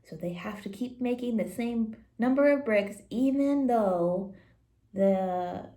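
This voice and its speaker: A woman walks through a Bible story in a loose, chatty way, tossing in playful asides. Her voice sits a little high yet sounds mellow and soft-edged. The sound rings around an echoey church room. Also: takes it slowly. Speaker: church leader reading scripture. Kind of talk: casual Bible story lesson. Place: church building.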